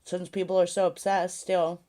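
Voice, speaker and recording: A woman's voice: on the low side, level tone, moderate pace, dark tone. A woman hosting a casual live chat, ranting sarcastically, swearing often and laughing a lot. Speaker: livestream host.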